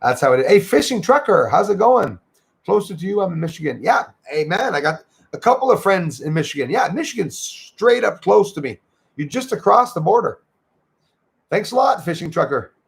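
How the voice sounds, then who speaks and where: Gravelly-voiced man chatting on a livestream. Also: sits high, big pitch swings, normal speed. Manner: chatty, reads viewer comments aloud and greets viewers, switching into French at times. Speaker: livestream host. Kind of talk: casual livestream chat. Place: home in Canada near the Michigan border.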